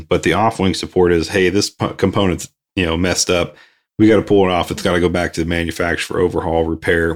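A man who works in aircraft maintenance, talking casually and thoughtfully with plenty of ums and a dry sense of humor. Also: deep voice. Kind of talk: casual shop talk.

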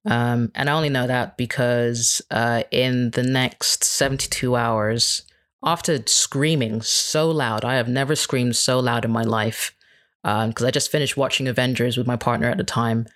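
A woman's voice: a bass voice, steady tone, moderate pace. A woman speaking as an interview guest in casual chat, candid and rambling, often restarting her sentences.

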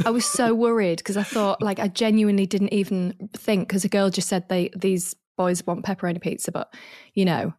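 A woman co-hosting a podcast, telling stories with animated energy and acting out the voices of the people in them. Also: medium pitch, brisk, no room sound, studio quality. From northern England. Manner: animated storytelling, acts out voices. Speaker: podcast co-host. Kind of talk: casual chat.

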